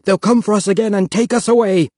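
A man's voice: high-pitched, fairly even intonation, quick pace, a little mellow, no echo, studio quality, voice pushed up. A man voicing a frightened, paranoid middle-aged father who talks in a frantic, raised voice, in a storybook reading.

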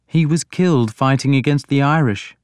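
A man voicing a mild but stern scholarly king in an audiobook, speaking in a measured way. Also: medium pitch, a little mellow, smooth, dry recording, clean studio sound, pitched above the performer's own voice, lightly acted. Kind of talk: audiobook character voice.

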